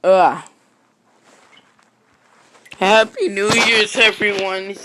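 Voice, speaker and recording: A man's voice: a little high, fairly even intonation, a little slow, gravelly, background noise. A man streaming a block-building game, chatting casually in a rambling, slangy way that often trails off into a mutter. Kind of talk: casual live-stream chat. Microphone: own streaming mic.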